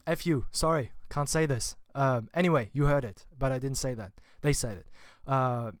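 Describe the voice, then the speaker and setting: A man's voice: medium pitch, moderate pace, no echo, clean studio sound. A man giving a casual spoken film review, chatty and informal with wry asides. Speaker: film vlogger.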